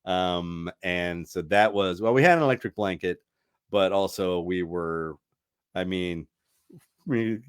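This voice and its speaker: A middle-aged man hosts a casual podcast, chatting and rambling, laughing often and restarting his sentences. His voice sits low with a clean tone, and he takes things slowly. He's a radio host.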